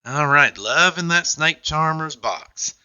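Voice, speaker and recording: A man's voice: a little high, animated, slow, bright, forceful tone, clean tone, no echo, highs cut off. A man hosting a game show, with upbeat, jokey patter.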